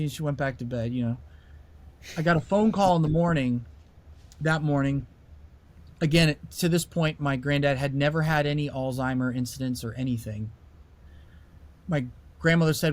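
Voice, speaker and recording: A man, a musician being interviewed, telling a story in a lively way and raising his voice sharply when he acts out what people said. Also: on the high side, moderate pace, long pauses. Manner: animated storyteller, voice rises sharply when acting out quoted lines. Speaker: musician guest.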